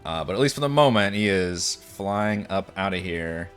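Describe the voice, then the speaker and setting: A man's voice: low-pitched, lively intonation, moderate pace, fairly bright tone, smooth, faint music behind. A man running a tabletop game as dungeon master, thinking aloud with lots of fillers. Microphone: headset or desk mic on a voice call.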